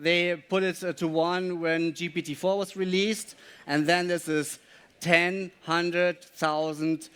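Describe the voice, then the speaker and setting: A man's voice: fairly high pitch, smooth. Hesitant man presenting. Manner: explanatory, asks the audience questions, hesitant with pauses. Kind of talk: live presentation to an audience.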